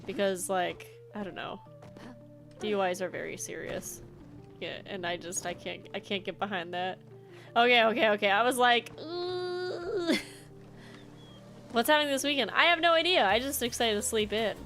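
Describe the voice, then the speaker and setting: A young woman streaming a game, chatting casually and telling a rambling, animated story full of fillers. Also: mid-range voice, a little fast, soft background music. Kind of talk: casual gameplay chat and storytelling.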